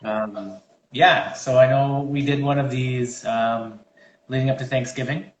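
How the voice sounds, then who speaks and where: A man's voice: mid-range voice, fairly even intonation, a little slow, roomy sound, muffled recording, a little hiss or hum. A man co-hosting a fitness chat, giving casual advice in a rambling way with many fillers and restarts, over a video call. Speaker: fitness trainer co-host.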